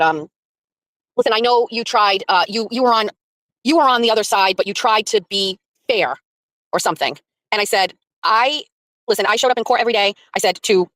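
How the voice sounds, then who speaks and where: A woman's voice: medium pitch, fairly bright tone, no echo, rough recording. A woman streamer casually recounting a story to her viewers, acting out both sides of the conversation and laughing often. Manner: chatty, retells by acting out quotes, laughs often. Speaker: streamer covering a court trial.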